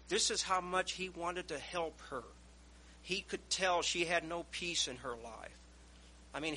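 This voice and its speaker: A man's voice: on the high side, sharp tone, slight background noise, rough recording. A man preaching a sermon, telling stories and reading scripture aloud with rising emphasis. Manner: storytelling, raises voice reading scripture.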